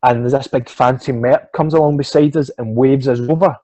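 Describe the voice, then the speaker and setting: A man's voice: medium pitch, fairly even intonation, brisk, warm tone, no echo. A middle-aged Scottish man, a swimming coach, telling a long sporting anecdote in casual chat, swearing freely and acting out the voices of the people in it. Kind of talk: casual storytelling interview.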